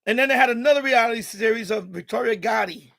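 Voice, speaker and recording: A man's voice: extremely high pitch, fast talker, gravelly, a bit bright, no room sound. A man with a New York accent, hosting a live stream and rambling casually with lots of laughter and restarts.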